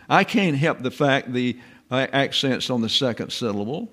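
A man's voice: medium pitch, expressive, normal speed, a bit bright. A man teaching the Bible to a class, stressing Greek words, asking rhetorical questions and often restarting his sentences. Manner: emphatic, repeats words and stresses Greek terms.

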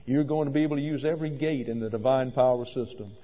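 A man's voice: mid-range voice, fast. A man preaching a sermon in an emphatic, wry manner, sometimes stopping to correct himself. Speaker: pastor. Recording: lo-fi recording in a reverberant hall.

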